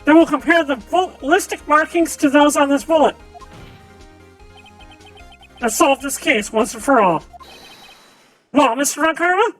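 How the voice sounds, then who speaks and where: A woman's voice: high-pitched, unhurried, long pauses, soft background music. Woman dramatically reading a game aloud. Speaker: streamer reading a visual novel aloud. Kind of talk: live-streamed game reading with character voices.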